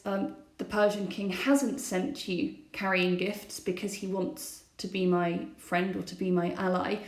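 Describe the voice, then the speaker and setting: A classics teacher with a mid-range voice explains a set text over slides in a recorded lesson, and the sound is reverberant. She poses questions to her students as she goes along.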